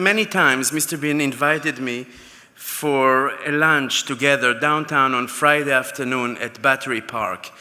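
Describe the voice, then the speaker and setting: A man's voice: mid-range voice, pushed and bright. Man in a reverberant hall. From Israel. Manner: anecdotal storytelling with fillers and restarts. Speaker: award recipient. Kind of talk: acceptance speech. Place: large banquet hall.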